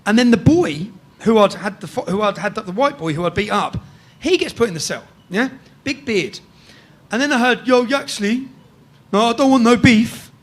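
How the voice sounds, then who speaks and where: English man, higher-pitched, casual animated storyteller, salty language, checks in with "yeah?". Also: moderate pace. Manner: swears freely, keeps tagging sentences with "yeah?". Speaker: guest storyteller.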